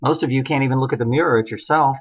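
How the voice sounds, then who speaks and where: A man's voice: mid-range voice, racing. A middle-aged man giving an impassioned solo monologue, ranting emphatically and firing off rhetorical questions. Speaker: online commentator. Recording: dull lo-fi recording.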